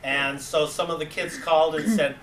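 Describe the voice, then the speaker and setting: A man's voice: on the high side, moderate pace. A man with a New England accent giving a storytelling presentation to a meeting, acting out voices in his anecdotes. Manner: animated, acts out voices in anecdotes. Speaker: club advisor giving a talk. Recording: echoey room, distant mic, faint hiss.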